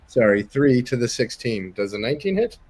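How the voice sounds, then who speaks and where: A man playing a tabletop game, asking quick questions about his turn and joking with the others. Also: medium pitch, big pitch swings, a little mellow, no echo. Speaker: player.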